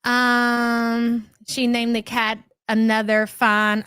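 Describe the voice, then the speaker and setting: A woman with a fairly high voice hosts a chatty livestream, sarcastic and scornful, breaking off to greet viewers by name. The sound is close and dry, with no room behind her. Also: flat delivery, unhurried, a bit bright, smooth, dry recording. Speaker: livestream commentary host. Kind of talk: casual livestream commentary.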